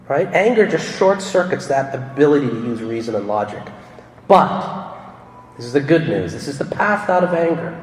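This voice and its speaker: A man preaching a sermon in a conversational way, asking rhetorical questions and acting out people's thoughts. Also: mid-range voice. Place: church sanctuary. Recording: echoey hall reverb with faint room noise.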